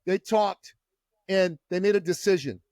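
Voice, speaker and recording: A man's voice: high-pitched, measured pace, darkish tone, no room sound, clean studio sound. A man from Iran, a guest on a podcast, telling his story with a fervent, preacher-like delivery. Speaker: entrepreneur guest.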